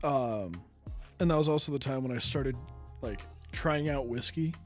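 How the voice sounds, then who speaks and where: A man's voice: medium pitch, normal speed, soft background music. A young man in his twenties co-hosting a podcast, telling a story in a laid-back, teasing, dry way. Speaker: podcast co-host. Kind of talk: casual storytelling chat.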